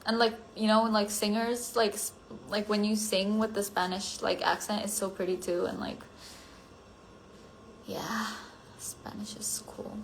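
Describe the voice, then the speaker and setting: A young woman chats loosely to her viewers over a phone mic, rambling through her thoughts with a steady stream of fillers. Her voice sits at an ordinary middle pitch and sometimes fades to a near-whisper. A faint hum of room ambience sits behind her. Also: normal speed. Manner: rambling, filler-heavy, often trailing off quietly. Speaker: livestreamer chatting with viewers. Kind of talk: casual chat.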